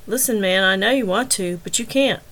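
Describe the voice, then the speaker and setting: A woman reading a novel aloud, voicing a calm, matter-of-fact male police officer. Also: mid-range voice, a little fast, lightly acted, low-quality recording. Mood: firm.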